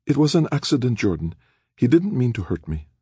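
A man voicing a young woman who stays calm and reassuring despite a wound. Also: mid-range voice, a little fast, slightly rough, no room sound, studio quality, voice pushed up.

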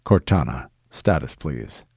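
A man voicing a stoic male super-soldier who speaks tersely and calmly. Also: extremely low pitch, unhurried, gravelly, slightly rough, no echo, dull audio, pitched below the performer's own voice, heavily acted. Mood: curt.

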